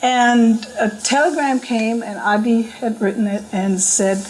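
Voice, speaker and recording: A middle-aged woman telling a personal story in a casual, lively way, laughing often and acting out what others said. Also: fairly high pitch, measured pace, a little hiss or hum, rough recording. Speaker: storyteller recalling a spiritual journey. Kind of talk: casual spoken memoir. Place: talk at a spiritual center.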